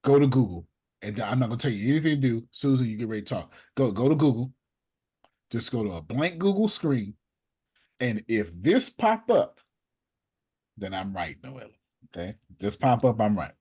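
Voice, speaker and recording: Lively husky-voiced man hosting. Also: mid-range voice. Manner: animated, playful, quick asides and laughs. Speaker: host. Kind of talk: casual online show chat.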